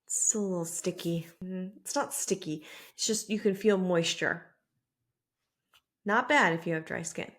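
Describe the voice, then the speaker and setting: Speaking at a measured pace in a lowish, fairly bright voice, a woman beauty vlogger does a casual makeup tutorial to camera. She's chatty and self-deprecating, and the camera mic sits some distance from her mirror.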